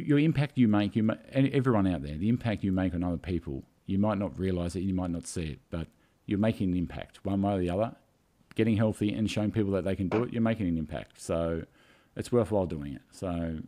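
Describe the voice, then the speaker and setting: A man's voice: sits low, a little fast, warm tone. A man co-hosting a casual live podcast, telling a story in a rambling, emotional way with many fillers. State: tearful. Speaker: podcast co-host.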